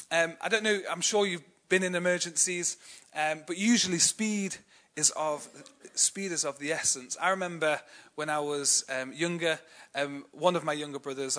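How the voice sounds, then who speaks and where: Bright-voiced English preacher, chatty. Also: male voice, a little high. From England. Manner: chatty and self-deprecating, many fillers, laughs easily. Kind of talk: sermon with personal storytelling.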